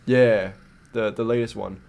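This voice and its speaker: A man co-hosting a casual podcast, animated and playful, often restarting his sentences. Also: on the low side, unhurried, gravelly. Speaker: podcast co-host. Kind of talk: casual chat.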